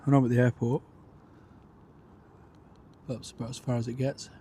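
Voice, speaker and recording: A man's voice: medium pitch, level tone, normal speed, dark tone, husky. A man hosting a live plane-spotting stream outdoors at an airport, calling arrivals and departures and chatting with viewers' comments.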